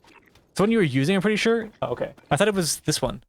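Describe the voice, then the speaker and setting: High-pitched and expressive, a young man talks quickly while livestreaming a game, with a little hiss or hum in the audio. He responds to chat and gets annoyed, cursing and shouting at what happens on screen.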